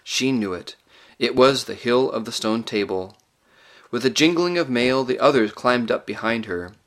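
A man narrates a children's storybook in a measured, expressive way, his voice sitting at an ordinary middle pitch. The reading is steady and clear. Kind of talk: audiobook narration.

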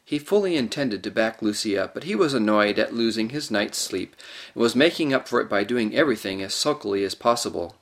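A man narrating a storybook in an expressive, varied way. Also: lowish voice, brisk. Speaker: audiobook narrator.

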